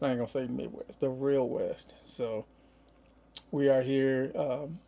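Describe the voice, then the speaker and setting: A man's voice: medium pitch, steady tone, unhurried, vocal fry, dark tone. A middle-aged man hosting a casual livestream, rambling in a laid-back way with lots of fillers. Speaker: van-life livestream host.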